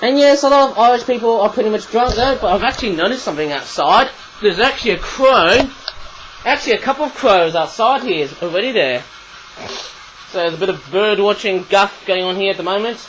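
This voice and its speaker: A man's voice: high voice, a little fast, fairly bright tone, a little hiss or hum, poor audio. Rambling man with a frog in his throat. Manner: rambling, throat-clearing, chatty. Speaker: toy reviewer. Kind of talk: casual video review.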